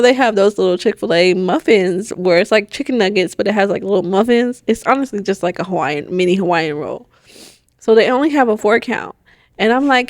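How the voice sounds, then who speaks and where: A woman's voice: mid-range voice, a little mellow, no echo, clean studio sound. A woman co-hosting a podcast in casual chat, telling stories animatedly and acting out both sides of the exchange. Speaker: podcast co-host.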